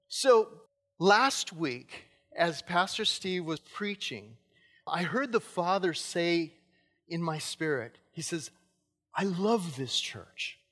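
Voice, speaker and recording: A man's voice: fairly high pitch, fairly bright tone. A man in his fifties, a pastor, preaching a sermon in an earnest storytelling way in a church. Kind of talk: sermon with personal stories. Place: church sanctuary. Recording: long church reverb.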